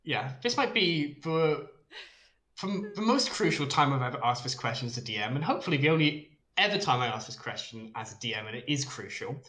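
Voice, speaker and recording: Male DM, bright and casual, lots of ums, roomy echoey sound. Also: medium pitch, fairly quick. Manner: relaxed, hesitant narration with many fillers. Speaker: dungeon master. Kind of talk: narrating a tabletop game.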